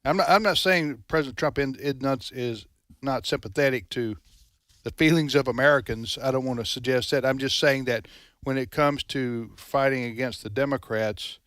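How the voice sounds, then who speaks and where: A man's voice: medium pitch, moderate pace, fairly bright tone, no echo, clean studio sound. Folksy male radio talk host. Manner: folksy, rambling, with restarts. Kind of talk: casual political talk radio chat.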